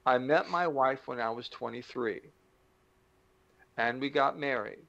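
Middle-aged male motivational speaker, gravelly, animated delivery with acted-out asides; slightly muffled recording. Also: medium pitch. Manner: animated, acts out little dialogues with the brain; slows down to stress key points. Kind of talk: motivational talk to camera.

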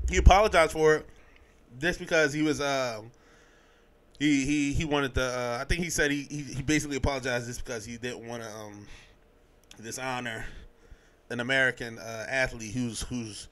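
A young man hosting a podcast, giving his sports opinions in a casual, animated way, full of slang and restarts. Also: medium pitch, normal speed. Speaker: podcast host.

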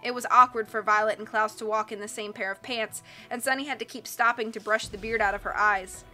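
Woman audiobook narrator, higher pitch, expressive storytelling. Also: fairly quick, soft background music. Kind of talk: audiobook reading.

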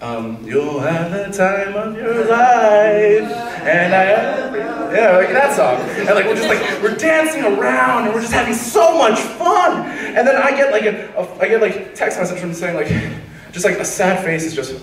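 Young male comic, high lively voice, rambling, roomy hall, distant mic. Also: normal speed, a crowd in the background. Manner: rambling, animated, laughs at his own story. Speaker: stand-up comedian. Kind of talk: stand-up storytelling.

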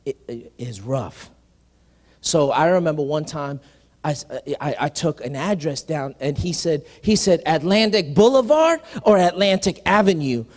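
A male senior pastor telling a personal story in a conversational sermon, animated, often saying "listen" and restarting phrases. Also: fairly high pitch. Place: church sanctuary. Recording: live sermon in a reverberant hall.

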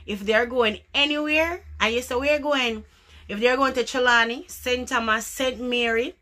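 A Jamaican woman talking casually to her viewers, her voice bright and a touch higher than most. She chats along easily, dropping patois phrases into her talk. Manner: chatty, slips into patois phrases. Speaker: vlogger. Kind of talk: casual chat to camera.

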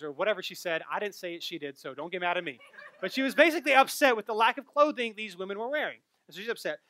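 A young adult man giving a sermon as a pastor, telling stories in an animated way that rises and gets louder at the punchlines. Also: high-pitched, dry recording. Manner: animated storytelling, rising loud at punchlines.

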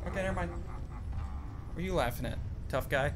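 A young man giving jokey, excited commentary as he plays a game, chatting to his companion and yelping at scares. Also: on the high side, normal speed, noisy background. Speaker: gaming YouTuber. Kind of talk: excited let's-play commentary.

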